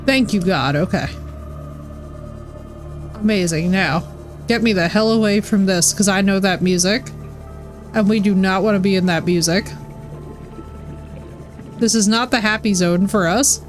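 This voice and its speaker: A woman's voice: mid-range voice, measured pace, long pauses. A woman live-streaming a game in casual chat, swearing freely and filling her talk with "like". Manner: chatty, swears freely, says "like" constantly. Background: faint game music.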